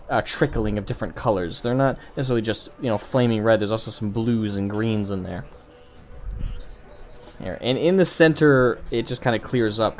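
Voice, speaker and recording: A man narrating as game master of a tabletop game, talking in halting bursts with frequent restarts. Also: medium pitch, a little mellow, slight background noise. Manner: halting, many restarts and fillers.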